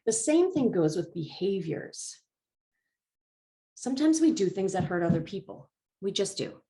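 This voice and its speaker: A woman giving a talk as a life coach, calm and encouraging, slightly congested from allergies and clearing her throat now and then. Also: medium pitch. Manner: calm, encouraging and measured, stressing key phrases. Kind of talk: presented talk.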